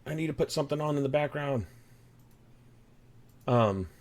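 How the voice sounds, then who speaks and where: This Texan streamer has a fairly high, animated voice at normal speed. Background music plays as he talks casually and jokingly with his audience, wandering from topic to topic and naming people in chat.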